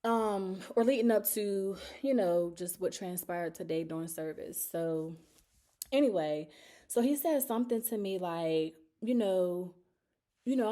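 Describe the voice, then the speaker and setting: A woman's voice: medium pitch, unhurried, warm tone. A woman, telling a personal story in a candid, emotional, rambling way on her vlog. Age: 30s. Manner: emotional, confessional, rambling with many fillers. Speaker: vlogger.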